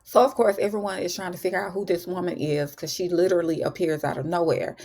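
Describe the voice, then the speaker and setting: A woman's voice: fairly low pitch, steady tone, quick pace, a little mellow. A woman retelling a film in a chatty, casual way, calling her listeners honey and y'all. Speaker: recap host. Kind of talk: casual storytelling recap.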